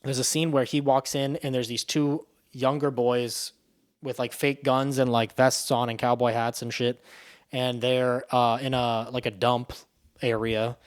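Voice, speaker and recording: A man's voice: medium pitch, level tone, a little slow. Rambling, profane man reviewing a movie. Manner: rambling, profane, loose and offhand. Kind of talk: casual spoken movie review.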